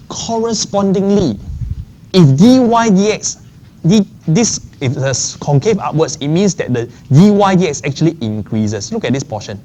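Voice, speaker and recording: A man's voice: a little high, darkish tone. A man lecturing a maths class. He often checks in with the class and repeats key phrases. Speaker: maths teacher.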